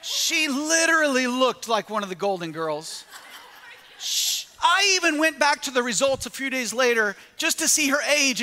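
A man preaching a sermon, telling a personal story in an animated way and acting out his own reactions. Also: extremely high pitch, a little hiss or hum. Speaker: pastor. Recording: echoey hall with long reverb.

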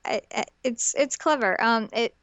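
A woman's voice: on the high side, normal speed, a bit bright, no room sound, highs cut off. A young woman co-hosting a podcast, chatting casually with many fillers and restarts. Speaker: podcast co-host. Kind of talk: casual chat.

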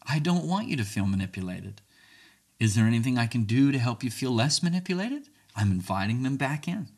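A man's voice: fairly quick, husky. A man giving casual advice on difficult conversations, acting out both sides in shifting voices and laughing often. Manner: animated, acts out both sides of arguments with pitch jumps, laughs often. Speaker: speaker giving relationship communication advice. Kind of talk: casual spoken advice monologue.

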